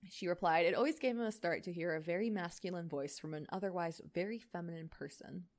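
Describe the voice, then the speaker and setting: A woman's voice: lowish voice, fast. A tired young woman reading a fanfic aloud, breaking off into chatty asides with lots of fillers. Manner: chatty, many fillers, laughs often. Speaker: reader.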